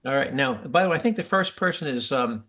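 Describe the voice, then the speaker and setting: A man's voice: medium pitch, expressive, fast talker, a bit bright. A man hosting a podcast, talking casually and restarting sentences as he explains. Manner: chatty, restarts often while explaining. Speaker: podcast host. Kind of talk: casual talk.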